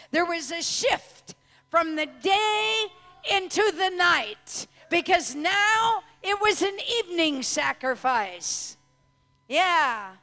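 A woman preaching a sermon with fervor, building to shouts and slow, drawn-out declarations. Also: high-pitched. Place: church hall. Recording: long hall reverb.

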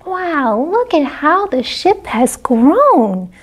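A woman librarian reading a picture book aloud to children. Her high voice swoops widely with animated expression. She takes her time, drawing out each phrase slowly. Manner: animated, talks to kids between pages. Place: public library.

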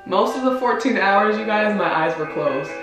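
A young woman in her twenties talks through a personal reaction vlog, chatty and emotional, laughing through moments where she is close to tears. She sits back from the mic in a very echoey room with music playing softly underneath. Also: medium pitch, lively intonation, moderate pace, recorded from a distance. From United States. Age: 20s. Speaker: vlogger.

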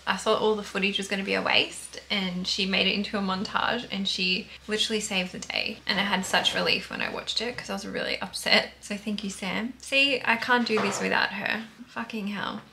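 Bright chatty Australian woman vlogging. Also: mid-range voice, fairly even intonation, moderate pace, vocal fry, a little hiss or hum. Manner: chatty, swears casually, rambling asides. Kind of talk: casual vlog talk to camera.

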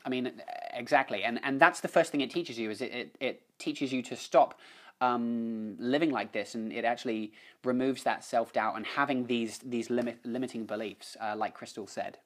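A man hosting a casual live stream, greeting viewers by name and often restarting his sentences. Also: medium pitch. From New Zealand. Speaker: livestream host. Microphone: phone on a live stream.

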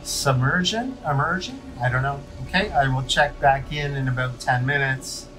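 A man's voice: mid-range voice, moderate pace. A man vlogging from a cold bath in his home bathroom, talking candidly and coaching viewers in a self-deprecating way. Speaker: wellness vlogger. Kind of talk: casual talk to camera.

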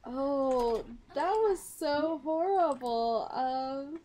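A young woman chatting over a life-sim game, excitable, exclaiming and laughing at what happens on screen. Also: high voice, drawn-out words, slight background noise. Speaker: gaming YouTuber. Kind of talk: casual game commentary.

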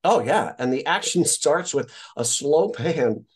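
A man's voice: a little high, animated, unhurried, slightly rough. A man from Indiana, an actor and guest, telling stories casually in an interview, swearing freely and acting out the voices of people he quotes.

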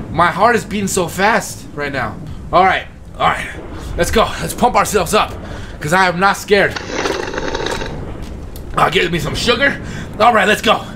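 A man commentating his own horror game playthrough, jumpy and excitable, swinging from nervous mutters to panicked yelps. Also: high-pitched, background noise. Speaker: gaming channel host.

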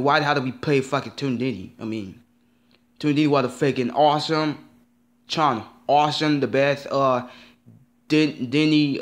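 A man ranting in a vlog, upset and rambling, repeating himself and swearing often. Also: medium pitch. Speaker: vlogger.

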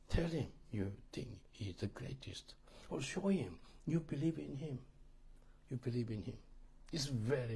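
Gravelly Korean-accented man preaching. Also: medium pitch, dark tone. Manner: emphatic, repetitive, keeps checking "do you understand?". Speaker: pastor teaching a marriage course. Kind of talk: sermon-style teaching to a congregation.

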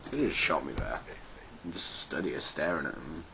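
Deep-voiced man swearing at a game. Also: moderate pace, gravelly, crowd noise. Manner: excitable, swears and yelps at failures. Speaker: let's play gamer. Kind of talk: casual gameplay commentary. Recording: noisy home recording.

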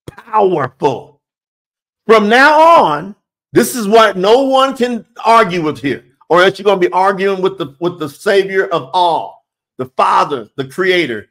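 A man's voice: high voice, lively intonation, normal speed, a bit bright. A man preaching a sermon, reading scripture aloud and putting emphatic, direct questions to his listeners.

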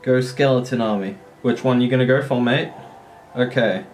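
A man giving casual, excitable commentary while playing a mobile strategy game, often swearing and laughing at his own play. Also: mid-range voice, moderate pace, faint music behind.

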